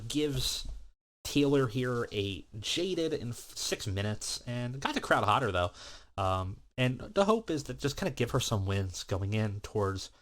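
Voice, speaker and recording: A man's voice: mid-range voice, a bit bright. A man giving casual, rambling commentary on a wrestling management game, with many filler words. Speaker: let's play host.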